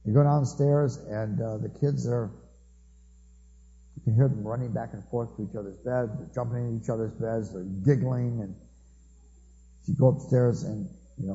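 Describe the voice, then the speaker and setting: A man's voice: mid-range voice, moderate pace, mellow. Man preaching with dry humor, reverberant hall. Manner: humorous storytelling with asides. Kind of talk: conversational sermon. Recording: dull recording with long hall reverb.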